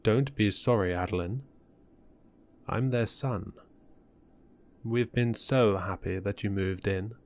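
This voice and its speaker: A man's voice: on the low side, takes it slowly, pauses often, darkish tone. A man voicing an unsettlingly cheerful middle-aged neighbor in a horror story reading. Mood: eerily friendly. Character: eerie smiling man in his forties, overly friendly.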